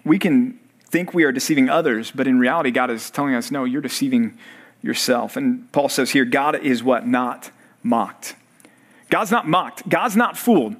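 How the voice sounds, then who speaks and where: A man's voice: mid-range voice, expressive, normal speed. A man in his thirties, a pastor, preaching a sermon to college students and quizzing them with fill-in-the-blank questions. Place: church service for college students.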